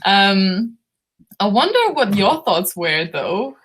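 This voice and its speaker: A hoarse woman from Lithuania hosts a book club live stream, her voice worn thin. She talks at an unhurried pace in middle pitch, rambling and giggling as she greets viewers one by one. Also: big pitch swings, fairly bright tone. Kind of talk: live-stream chat, reading viewer comments.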